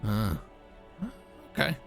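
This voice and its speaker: A man's voice: takes it slowly, over music. A man streaming a video game live, chatting casually and laughing with viewers, with plenty of fillers. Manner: relaxed, chatty, filler-heavy, laughs easily. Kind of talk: casual livestream chat while playing.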